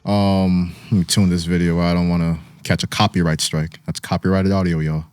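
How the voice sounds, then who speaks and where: A man's voice: deep voice, flat delivery, moderate pace, a little mellow, clean tone. A man hosting a casual sports and music podcast, joking with friends while trying to move the show along. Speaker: podcast host. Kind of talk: casual chat.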